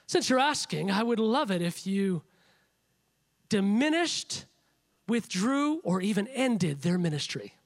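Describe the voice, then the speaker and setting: A man delivering a sermon in a strikingly high voice. He is emphatic and stacks repeated phrases to build each point. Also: very animated, unhurried. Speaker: preacher.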